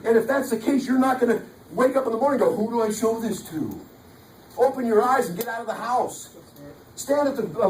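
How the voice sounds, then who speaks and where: A man's extremely high, slightly mellow voice carries a joking, punchy motivational sales pitch to a live crowd, with slight background noise. He's a motivational speaker with a preacher-like manner, captured from a distance in a big, echoey hall.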